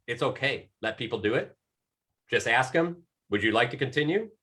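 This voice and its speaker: A man's voice: mid-range voice, lively intonation, normal speed, pushed and bright. A middle-aged man coaching on a panel in casual talk, rambling with many restarts and fillers.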